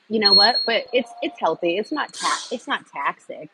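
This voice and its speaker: Woman hosting a chatty livestream, mid pitch, rambling and reading out comments, faint hum in the background. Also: lively intonation, moderate pace. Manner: scattered, trails off with many fillers; reads out and answers viewer comments. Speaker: livestream host. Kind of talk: rambling casual livestream chat.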